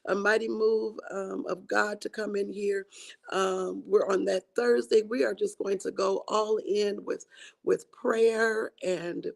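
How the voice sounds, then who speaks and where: A woman hosting a church women's livestream, her voice raspy and tired from singing, talking in an encouraging way with many fillers and restarts. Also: medium pitch, fairly even intonation, slow, darkish tone. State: hoarse from singing. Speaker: host of a women's ministry livestream.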